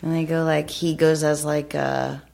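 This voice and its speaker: Slow creaky-voiced woman butting in to prompt a story. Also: deep voice, flat delivery, a little mellow. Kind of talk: casual chat.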